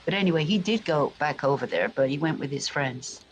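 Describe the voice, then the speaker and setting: A man from England vlogs rambling family stories in a voice on the high side, with lively intonation and a fairly quick pace. He keeps restarting and going off on asides, and the rough recording has slight background noise.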